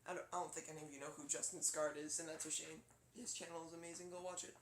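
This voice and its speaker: A man's voice: fairly high pitch, little pitch movement, very fast, fairly bright tone, a little hiss or hum. A young man rambling casually as he demos his character voices. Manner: rambling, chatty, laughs easily. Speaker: voice actor vlogger. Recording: echoey room.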